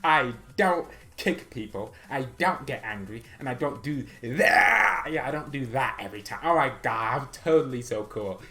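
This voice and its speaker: A man doing a giggling, drawn-out impression of a male footballer who insists he never loses his temper. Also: medium pitch, animated, bright, forceful tone, faint music behind. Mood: giddy.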